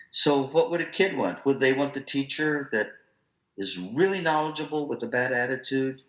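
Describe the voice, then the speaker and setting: A man presenting an online professional-development talk to music teachers, in a lively, conversational, storytelling manner. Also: mid-range voice, echoey room, poor audio.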